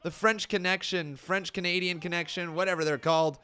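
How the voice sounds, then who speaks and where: A man hosting a live watch-along stream, giving running commentary and talking straight to his viewers. His voice sits a bit high and sounds bright and forward. He keeps it upbeat and laughs often. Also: steady tone, a little fast, clear, resonant tone. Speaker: host.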